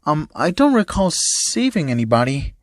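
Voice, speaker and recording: An eager, naive teenage cat boy, read aloud by a man, full of childlike wonder and halting "um"s. The voice sits a little high and the recording is dry and close. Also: very animated, dry recording. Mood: shy, confused.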